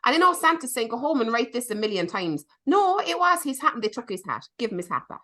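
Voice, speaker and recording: Woman, podcast co-host, bright tone, chatty and animated. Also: a little high, fast. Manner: chatty, animated, swears for emphasis. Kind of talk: casual movie review chat.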